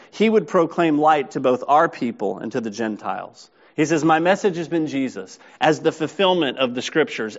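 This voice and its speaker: A man delivers a sermon in a slightly high voice, reading scripture and then breaking it down in plain talk with check-ins to the listeners. The recording sounds dull and lo-fi. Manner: expository, reads scripture then explains it conversationally. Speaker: pastor.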